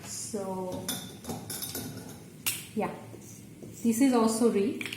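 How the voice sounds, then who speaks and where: A woman's voice: medium pitch, distant mic, background noise. Woman teacher in an echoey room. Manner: patient, explains step by step, halting restarts. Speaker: Bengali language teacher. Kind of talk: explaining at a board. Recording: echoey room, voice from off the mic, faint ambience.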